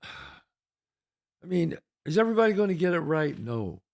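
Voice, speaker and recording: Older american guy ranting on his show, highish gravelly voice, swoops all over, swears a lot, keeps asking "tell me". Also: very animated, unhurried, a little mellow. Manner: emphatic, profane, rhetorical questions. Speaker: podcast host. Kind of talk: heated solo monologue.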